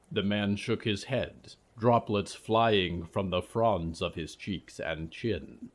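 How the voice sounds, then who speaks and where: A man narrating a scripted fiction story in a calm, even voice. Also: lowish voice, slow pace, hardly any pauses.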